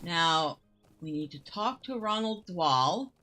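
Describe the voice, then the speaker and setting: A woman's voice: lowish voice, lively intonation, sharp tone, soft background music. A woman giving casual, chatty gameplay commentary as she plays, musing aloud as she goes. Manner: chatty and unhurried, muses aloud, laughs easily. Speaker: gameplay host.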